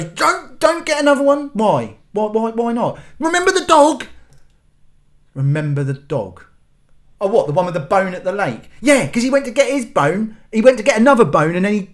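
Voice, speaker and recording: A man hosting his own channel, ranting in an exasperated, sweary, rambling way. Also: high voice. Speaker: channel host. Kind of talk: ranting vlog monologue.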